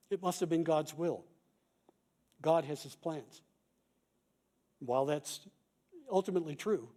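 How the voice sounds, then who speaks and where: Calm mellow-voiced male pastor. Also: on the high side. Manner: calm, measured teaching with quoted examples. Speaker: pastor and chaplain. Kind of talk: conference talk.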